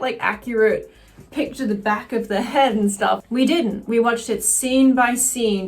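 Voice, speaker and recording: A woman chatting casually through a makeup tutorial, excitable and quick to swear. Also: mid-range voice. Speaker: cosplayer doing a makeup tutorial.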